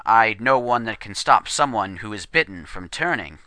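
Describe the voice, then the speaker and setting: A man's voice: fairly low pitch, animated, bright, forceful tone, dry recording. A man doing a formal, English-accented young Lakota man. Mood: solemn. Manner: formal, measured, dignified. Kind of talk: storytelling character voice.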